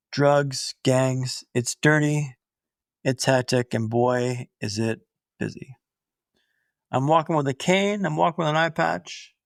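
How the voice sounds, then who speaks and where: A young man telling his own story in an animated way, with punchy short phrases. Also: a little high, gravelly, no room sound, clean studio sound.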